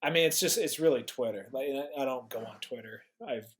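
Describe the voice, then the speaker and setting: Man, podcast guest, casual chat, thoughtful, restarts sentences, mid pitch. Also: a little fast.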